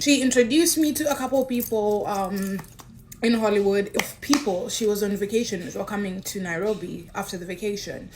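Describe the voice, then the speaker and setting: A young woman in her twenties, an influencer, telling a personal story with animated, swinging delivery. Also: medium pitch, moderate pace, a crowd in the background. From Kenya. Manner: animated, swings between excited and subdued.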